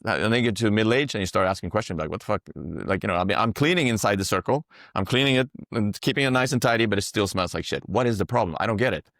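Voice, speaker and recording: Fast-talking man rambling in metaphors. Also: lowish voice, a bit bright, dry recording, studio quality. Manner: rambling, explains through metaphors; swears freely. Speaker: psychedelic guide. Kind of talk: casual podcast conversation.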